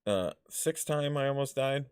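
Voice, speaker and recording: A man's voice: medium pitch, lively intonation, a little slow, clear, resonant tone, dry recording, clean studio sound. A man vlogging personal stories in a casual, rambling way, full of fillers, restarts and blunt swearing. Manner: rambling, filler-heavy, loses his thread.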